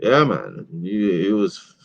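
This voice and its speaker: A man's voice: fairly low pitch, wildly swooping pitch, slow pace, creaky. A man hosting a casual podcast, telling loose profane stories full of fillers. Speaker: podcast host. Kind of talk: casual chat. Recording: dull, dry, lo-fi audio.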